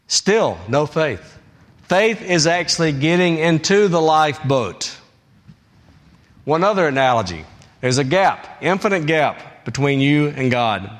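A man preaching a sermon as pastor, emphatic and repetitive, swinging between raised high emphasis and low, quiet phrases. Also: very animated, a little slow.

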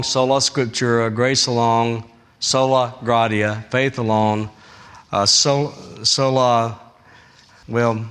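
A man preaching a sermon as pastor, emphatic and repetitive, swinging between raised high emphasis and low, quiet phrases. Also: clear, resonant tone.

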